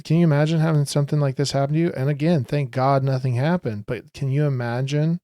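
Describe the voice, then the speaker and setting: Guy ranting on his vlog, rambly and emphatic, gets loud at times, dead dry close mic. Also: mid-range voice, fairly even intonation, fast, no echo. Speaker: video commentator. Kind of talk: casual commentary vlog.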